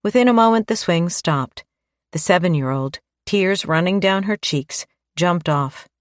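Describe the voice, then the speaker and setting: A woman narrating a suspense audiobook in a steady, measured way. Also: on the low side, dry recording, studio quality. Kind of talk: scripted narration.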